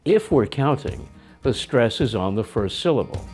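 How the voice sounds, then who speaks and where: A man's voice: medium pitch, lively intonation, moderate pace, darkish tone, faint music behind. A man with an American accent teaching English pronunciation in a scripted lesson, explaining plainly. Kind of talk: scripted lesson with acted skits.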